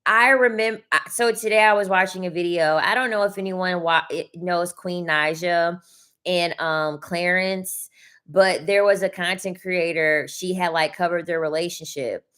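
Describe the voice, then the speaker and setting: A woman's voice: fairly low pitch, a little slow, a bit bright. Blunt, cussing young woman streamer. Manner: blunt, profane, repeats points for emphasis. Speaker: livestream host reading chat. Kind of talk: casual livestream chat.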